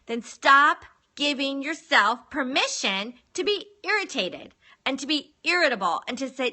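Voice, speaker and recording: Bright, high-voiced woman giving advice. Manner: earnest, chatty, repeats words for emphasis. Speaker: relationship counselor. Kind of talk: live-streamed advice talk. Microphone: phone.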